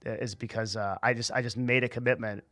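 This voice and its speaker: Young guy, quick rambling storyteller, salty language, dry close mic. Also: mid-range voice, fairly even intonation, sharp tone, dry recording. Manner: rambling, profane, many restarts. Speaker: streamer telling a personal story. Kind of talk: casual storytelling.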